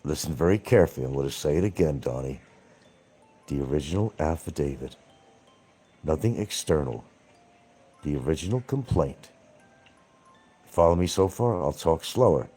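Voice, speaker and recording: A low-voiced man with a husky, dark tone hosts his own livestream. He rants at absent critics and mocks them, hammering the same points over and over with plenty of swearing. His pitch swings widely as he talks. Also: animated, normal speed, long pauses, faint music behind. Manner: confrontational, mocking, repeats points, swears. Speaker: livestream show host. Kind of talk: ranting livestream monologue.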